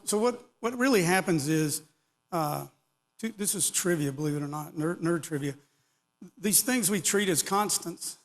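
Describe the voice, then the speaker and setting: A middle-aged or older man giving a casual, rambling technical talk to an audience, with joking asides. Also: on the high side. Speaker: conference speaker. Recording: long hall reverb.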